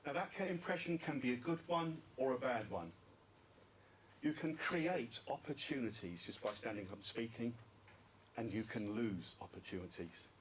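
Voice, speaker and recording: A man giving an interactive talk at a speaking club conference, asking the audience questions and repeating their answers. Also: mid-range voice. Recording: distant mic with faint background noise.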